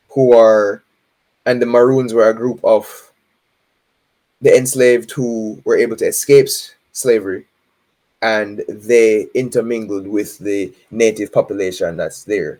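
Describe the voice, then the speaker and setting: A Jamaican man, a guest in a casual interview, explaining things in a relaxed way with frequent laughs and "right?" tag questions. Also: fairly low pitch.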